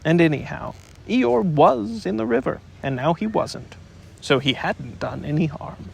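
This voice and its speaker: A man reads a children's story slowly and gently, and his voice is full of expression. His tone is slightly gravelly, and his pitch rises and falls in a lively way as he tells the tale. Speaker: audiobook narrator. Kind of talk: storybook narration.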